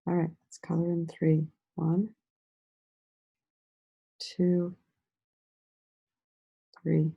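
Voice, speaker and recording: Husky low lady teacher, slow sing-song lesson for little kids, lots of good jobs. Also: completely flat delivery, mellow, lo-fi sound. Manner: encouraging, drawn-out words with frequent praise.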